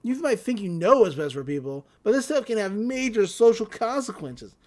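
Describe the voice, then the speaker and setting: A woman's voice: medium pitch, animated, moderate pace, a little mellow, natural voice. A woman voicing a laid-back, slangy male hipster love god while retelling a cartoon episode. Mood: boastful.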